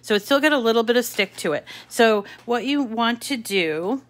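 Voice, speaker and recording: A woman's voice: fairly high pitch, lively intonation, moderate pace. A woman from the Boston area with a Boston accent, chatting casually through a craft demonstration and trailing off into asides as she works. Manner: chatty, many fillers and self-corrections while working. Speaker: craft tutorial host.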